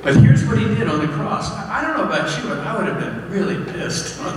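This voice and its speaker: A male pastor giving a sermon, telling candid stories with self-deprecating laughs and climbing high and loud for emphasis. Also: big pitch swings, fast talker, hardly any pauses, slight background noise. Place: church sanctuary. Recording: echoey hall, voice from far off.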